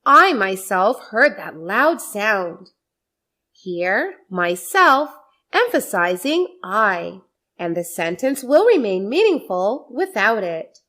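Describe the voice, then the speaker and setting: Slow, lively-pitched woman teaching grammar. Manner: slow, deliberate explanation with repeated example sentences. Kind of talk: scripted grammar lesson.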